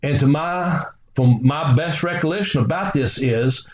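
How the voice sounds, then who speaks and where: A man's voice: a little high, a little slow, a little hiss or hum. A man, a guest telling rambling stories and swearing freely. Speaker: guest, former wrestler. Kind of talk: casual storytelling. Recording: roomy, slightly dull recording.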